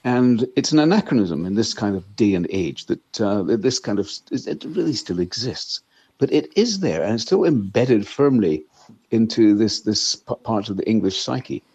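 A man's voice: fairly low pitch, expressive, moderate pace, a little mellow, husky, no room sound. A man who is an investment analyst, speaking as a guest in a casual interview, blunt and emphatic, often repeating words. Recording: dull lo-fi, dry sound.

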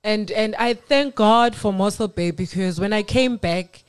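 A woman from South Africa telling her faith testimony on a radio talk show, earnest and animated. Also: mid-range voice, unhurried, clean tone. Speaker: guest sharing testimony.

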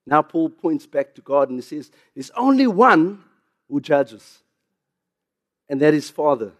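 Casting: South African male pastor, lively sermon delivery, slightly higher voice. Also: a little slow. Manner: animated preaching, rising loud on emphasis, with chuckles and asides.

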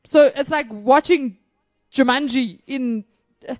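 A woman's voice: sits high, slow pace, darkish tone. A woman co-hosting a casual film review chat, emphatic and opinionated, laughing often. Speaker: podcast co-host.

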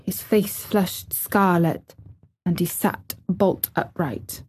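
A woman reading a classic novel aloud as an audiobook narrator, with measured, expressive storytelling. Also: fairly low pitch, breathy edge.

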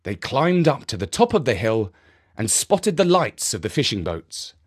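A man narrating a children's story in a gentle, expressive way. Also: medium pitch, normal speed, husky.

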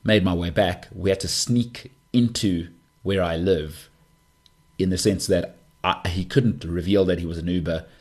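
Podcast guy, deep husky voice, rambling and jokey. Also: measured pace. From South Africa. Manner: rambling, animated, jokey asides. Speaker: podcast host. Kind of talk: casual monologue.

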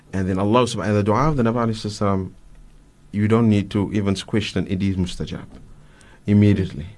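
Man telling stories on radio. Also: on the low side. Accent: South African. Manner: animated storyteller, acts out quotes, frequent fillers. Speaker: guest Islamic scholar. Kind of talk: radio religious talk, storytelling. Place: radio studio.

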